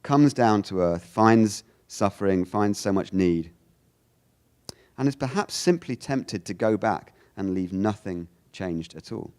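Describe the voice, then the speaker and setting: A man delivers a theology lecture in a loose, conversational manner. His voice sits low but rises and falls a great deal. He often stumbles over repeated words and fills his sentences with "you know". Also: expressive, measured pace, darkish tone. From United Kingdom. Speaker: guest lecturer.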